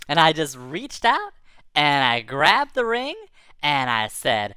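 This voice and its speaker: A woman telling a kids' tall tale in the first person, lively and rambling, with playful sound effects. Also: low-pitched, slow, smooth, dry recording. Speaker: storyteller.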